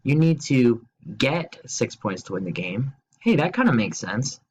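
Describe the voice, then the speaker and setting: A man's voice: mid-range voice, big pitch swings, a little mellow, a little hiss or hum, poor audio. Playful man teaching a grammar lesson. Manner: playful, asks quiz questions and jokes; slow, spelled-out explanations. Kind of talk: recorded remote grammar lesson.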